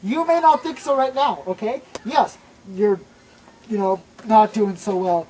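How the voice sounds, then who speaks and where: Emphatic woman with mellow voice. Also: medium pitch, measured pace, a little hiss or hum, rough recording. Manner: emphatic reassuring pep talk. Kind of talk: improvised comedy web series.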